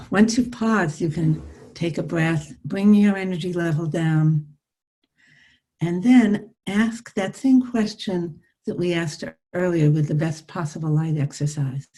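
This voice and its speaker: An older woman psychologist leads a live online workshop over video call, coaching in a calm, soothing way. Her voice is on the low side and slow.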